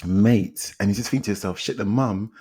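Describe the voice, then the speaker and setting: This is a man with a London accent, talking casually on a film podcast. His voice sits low and has a husky edge. He tells the story in a lively way, repeats himself and quotes people as he goes. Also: moderate pace. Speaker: podcast co-host reviewing films. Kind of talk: casual chat.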